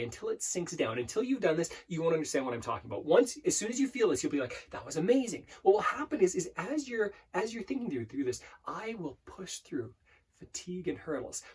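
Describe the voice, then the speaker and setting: A man's voice: sits high, very animated, a little mellow, breathy edge. A man coaching viewers on affirmations in an earnest self-help talk, often repeating words as he explains. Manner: earnest, repeats words and restarts, slows to demonstrate. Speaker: life coach. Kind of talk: self-help teaching to camera.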